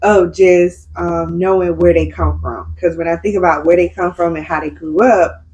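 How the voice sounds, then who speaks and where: A woman's voice: lowish voice, moderate pace, low-quality recording. A woman co-hosting a casual chat, telling stories with acted-out quotes, laughing often. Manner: animated storytelling, acting out quotes, laughs often. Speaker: podcast co-host.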